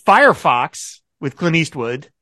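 A man hosts a podcast in a loose, chatty way, often breaking into laughter as he reads out lines. His voice sits a little high, and the recording is dry and close. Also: sing-song, measured pace, bright, forceful tone, no echo. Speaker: podcast host. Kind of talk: casual podcast chat.

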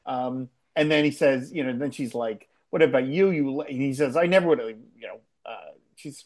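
A podcast co-host chatting casually about a TV episode, laughing often and acting out quoted lines. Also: male voice, medium pitch, brisk, hardly any pauses, darkish tone. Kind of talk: casual chat recapping a TV episode.

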